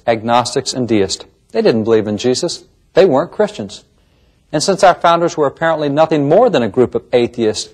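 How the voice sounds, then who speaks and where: A man's voice: mid-range voice, darkish tone, breathy edge. A man presenting a history lecture series in an emphatic, rhetorical manner with pointed questions. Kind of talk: documentary lecture.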